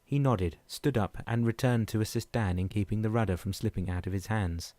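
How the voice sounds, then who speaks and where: Male audiobook narrator, low and even, dry booth sound. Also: fairly quick, no echo. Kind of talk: scripted narration.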